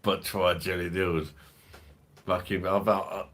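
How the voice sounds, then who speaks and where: The host of a beer review livestream is a man with a London accent and a very deep, low voice that is fairly bright in tone. He speaks slowly with little pitch movement, reading viewer comments in a rambling, casual way full of crude jokes and swearing.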